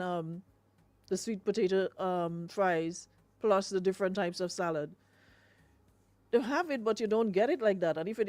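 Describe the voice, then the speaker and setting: A woman's voice: mid-range voice, a little mellow, no room sound. A Grenadian woman hosting a radio show, chatting casually with lots of fillers and laughs. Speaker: radio host.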